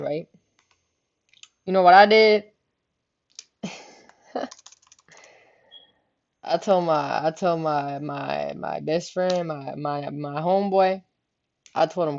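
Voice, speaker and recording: A woman's voice: low-pitched, animated, slow, gravelly, pauses often, darkish tone. A woman telling a story in casual, rambling talk, full of slang and swearing, often tossing in "you know what I'm saying.". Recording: slightly muffled lo-fi recording.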